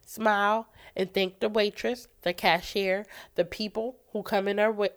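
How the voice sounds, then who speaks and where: A woman's voice: mid-range voice, steady tone, a little slow, clear, resonant tone. A woman hosting a faith podcast, talking earnestly and encouragingly while stuffy from a cold. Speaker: podcast host. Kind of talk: casual faith podcast talk.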